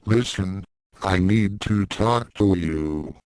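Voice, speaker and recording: A man's voice: low voice, slow pace, a little mellow, clear, resonant tone, no room sound. A man reading the lines of a timid, anxious human teenage boy who speaks hesitantly. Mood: urgent.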